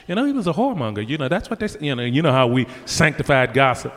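A man preaching a fervent sermon, swinging between loud exclamations and quiet asides. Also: medium pitch, big pitch swings, racing, hardly any pauses, a little hiss or hum. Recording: long hall reverb.

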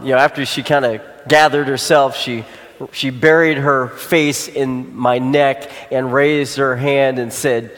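A man's voice: mid-range voice, a bit bright, long reverb tail. A father and pastor telling a personal story in a loose sermon style, with frequent fillers.

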